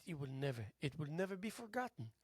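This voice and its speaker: A tired man hosting a local TV show, musing aloud in a halting philosophical monologue that drifts into soft whispers. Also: fairly high pitch, very animated, slightly rough. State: tired, yawning. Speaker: host. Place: local cable TV studio.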